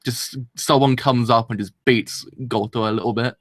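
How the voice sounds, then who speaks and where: A man's voice: medium pitch, fairly even intonation, moderate pace, dry recording, studio quality. A man hosting a live anime reaction, talking in a rambling, chatty and self-deprecating way and laughing often.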